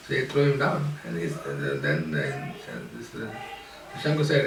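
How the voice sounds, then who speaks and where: A man teaching a scripture class, telling a story in an animated way and acting out the characters' lines with laughter. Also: mid-range voice, moderate pace, gravelly. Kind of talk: storytelling lecture. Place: temple class room. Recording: roomy hall, mic at a distance, background noise.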